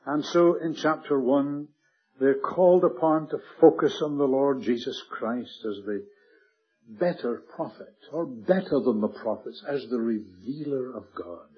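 Male preacher, husky, earnest sermon delivery, muffled old recording. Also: mid-range voice. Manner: earnest, emphatic, slows and drops to a hush on key words.

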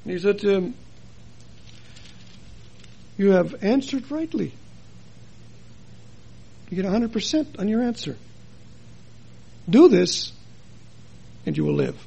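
A man preaching a sermon, his high voice heavy with gravel and a husky edge. He talks earnestly and asks his listeners many rhetorical questions, swinging between loud and soft for emphasis. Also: huge pitch swings, slow pace, pauses often. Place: chapel.

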